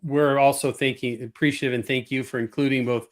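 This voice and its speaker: A man's voice: medium pitch, fairly even intonation, brisk. A man hosting a business webcast in a friendly, casual way, often repeating words. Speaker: host.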